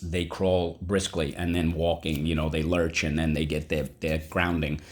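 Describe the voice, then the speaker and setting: A man's voice: extremely low pitch, normal speed. A man teaching a vocabulary lesson, spelling words out and checking in often with the class. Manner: animated, spells words aloud and checks in with "okay? right?".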